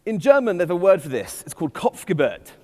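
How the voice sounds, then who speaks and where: A man's voice: high voice, big pitch swings, fast talker. Witty man giving a keynote. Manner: witty, digressive, self-deprecating. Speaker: conference speaker. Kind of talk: keynote talk. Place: conference hall. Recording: hall reverb from stage.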